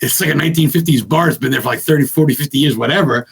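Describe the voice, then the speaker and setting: Swearing guy from maine rambling about haunted spots, gravelly kinda husky voice, pitched a bit high. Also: rapid-fire. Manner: blunt, profane, rambling and excitable. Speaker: podcast guest, ghost hunter. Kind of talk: casual podcast chat.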